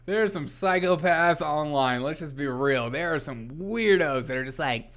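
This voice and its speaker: A man with a somewhat high voice hosts a casual comedy news livestream. He rambles from one thought to the next, laughs often, and answers the chat aloud. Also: lively intonation, normal speed, fairly bright tone. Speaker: host.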